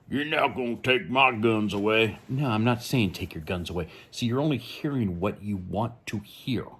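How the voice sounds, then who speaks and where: A man's voice: sits low, slightly rough. A man hosting a true crime channel, giving blunt, rambling, opinionated commentary.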